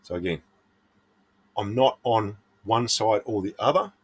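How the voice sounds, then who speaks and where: A man's voice: on the low side, measured pace, breathy edge. A middle-aged Australian man, a prospecting vlogger, giving earnest, blunt advice in a casual monologue.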